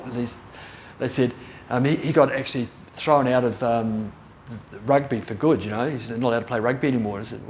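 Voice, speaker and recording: A man's voice: mid-range voice, fairly even intonation, a little fast, gravelly, darkish tone, slight background noise. A middle-aged man telling rambling stories in a casual way, often breaking off and restarting his sentences. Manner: rambling, self-interrupting, laughs at own story. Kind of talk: casual storytelling.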